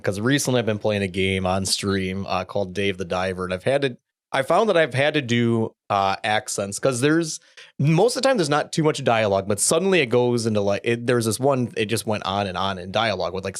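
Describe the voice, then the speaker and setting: Halting man hosting, dry sound. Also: on the low side, animated, dry recording. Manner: hesitant, halting with restarts. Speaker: host. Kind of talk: casual chat.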